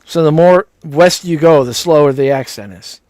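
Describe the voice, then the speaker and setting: A man's voice: fairly high pitch, normal speed, darkish tone, no echo. A man chatting casually as a show host, crude and joking, riffing about regional accents. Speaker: commentary stream host. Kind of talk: casual chat.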